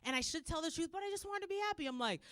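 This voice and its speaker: A woman from Canada in her thirties doing a stand-up set, acting out her kids and herself in loud, high voices. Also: lively intonation, racing. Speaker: stand-up comedian. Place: comedy club stage.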